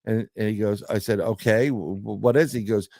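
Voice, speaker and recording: A middle-aged man telling a story in casual podcast chat, animated and joking, with some swearing. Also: on the low side, fairly quick, no echo, studio quality. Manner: animated storyteller, swearing, laughing through jokes. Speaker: podcast guest.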